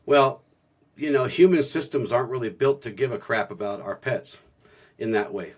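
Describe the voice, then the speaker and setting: Speaking at a normal speed in a mid-range, slightly rough voice, a man co-hosts a spiritual podcast. He relates stories in an earnest, reflective, casual manner, with many sentence restarts.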